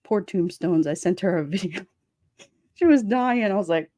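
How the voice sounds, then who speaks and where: A woman's voice: fairly low pitch, moderate pace, dry recording, clean studio sound. Chatty laughing woman livestream host. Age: adult with children. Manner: chatty, laughing often, animated quoting voices. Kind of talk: casual chat reading live comments.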